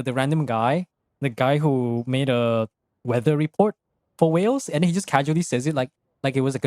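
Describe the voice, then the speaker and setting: Gaming live from his room, a young man rambles through jokes, swears freely, and laughs a lot in casual stream chat. His voice is mid-range with a darkish tone, recorded at studio quality with no room sound.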